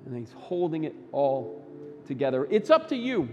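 A man preaching a Sunday sermon as pastor, emphatic, swinging between loud bursts and quiet low lines. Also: sing-song, moderate pace, big-room sound, dull audio, faint music behind. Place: church sanctuary.

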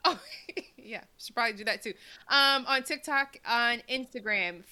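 A woman's voice: fairly high pitch, normal speed, pushed and bright. A woman co-hosting a podcast in casual chat, upbeat and giggly as she signs off to listeners. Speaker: podcast co-host.

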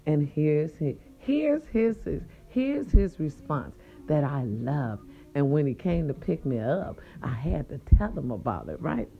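Animated woman telling a story, dull lo-fi sound. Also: deep voice, a little slow, vocal fry, soft background music. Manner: animated, profane, talks to viewers directly. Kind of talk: casual storytelling to viewers.

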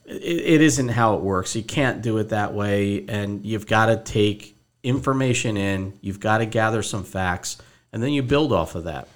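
A man's voice: on the low side, moderate pace. A man hosting a podcast as a financial advisor, telling a story casually and acting out both sides of a phone call.

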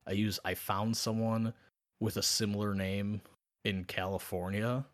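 A man's voice: lowish voice, a little slow. A man co-hosting a podcast, telling a story in casual chat, swearing freely and acting out both sides of a conversation. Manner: animated, profane, acts out both sides of chats. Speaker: podcast co-host.

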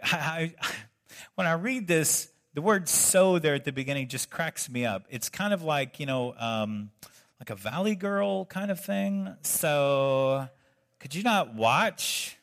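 A male pastor giving a sermon, talking to the congregation in a relaxed, conversational way. He breaks in with joking asides. His voice sits slightly high for a man. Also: measured pace, vocal fry.

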